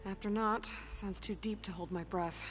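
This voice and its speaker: A woman's voice: medium pitch, steady tone, normal speed, a bit bright, close to an everyday voice. An actress playing a blunt, dry young woman hunter in a video game. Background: game music.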